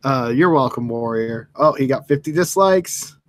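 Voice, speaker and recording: A man's voice: medium pitch, animated, normal speed, no echo. Man, livestream co-host, crude mocking chat, dry close sound. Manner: crude, mocking, talks over his co-host.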